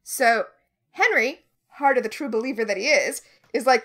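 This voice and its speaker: A woman's voice: a little high, moderate pace, a bit bright. A woman co-hosting a podcast, chatting casually through a book recap with sarcastic, swearing asides. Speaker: podcast co-host. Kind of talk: casual book-club chat.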